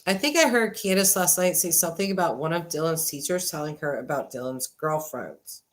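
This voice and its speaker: Her voice low and brisk, a woman in her 40s chats casually on a livestream she hosts, thanking her viewers. She speaks into a desk mic that occasionally glitches, and her mood shifts between excitement and a quieter, subdued tone.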